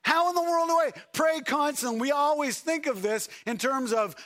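A man preaching a sermon as pastor, swinging between shouted lines and soft, quiet ones, and asking the congregation rhetorical questions. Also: very high voice, lively intonation, a little fast, hardly any pauses.

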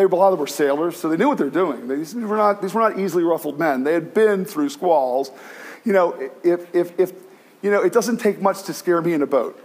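A pastor with a high voice preaches an animated sermon, restarting often and acting out the cries of the people he describes.

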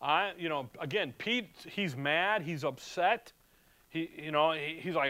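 A man's voice: fairly high pitch, a little slow, pushed and bright, no echo. A man teaching through a Bible passage verse by verse, reading scripture aloud and then explaining it in a casual, chatty way.

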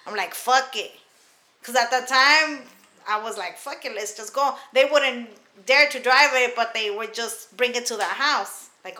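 Young woman on a podcast, swears a lot, bright kinda high voice, roomy echo. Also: normal speed. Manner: blunt and profane, recounting her youth with laughs. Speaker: podcast co-host. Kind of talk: casual podcast chat. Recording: echoey room.

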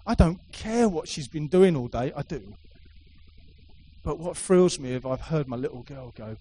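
A man's voice: a little high, animated, fairly quick, a little mellow, slight background noise, poor audio. A middle-aged man preaching a sermon to a congregation, emphatic and repetitive, with playful asides. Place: church hall with a live congregation.

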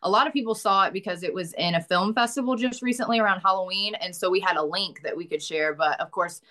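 A fast-talking woman with a sharp, medium-pitched voice and a Southern US accent guests on an interview as an actress. The chat is casual, full of laughter and light swearing.

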